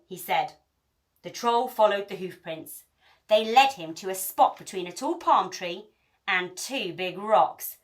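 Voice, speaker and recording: A woman teacher reading a children's picture book aloud as a bedtime story, with expressive storytelling. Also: medium pitch, unhurried.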